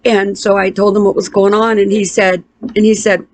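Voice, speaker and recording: A middle-aged woman tells a painful personal story, halting and emotional, with restarts and pauses. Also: medium pitch, flat delivery, no echo. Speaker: interviewee.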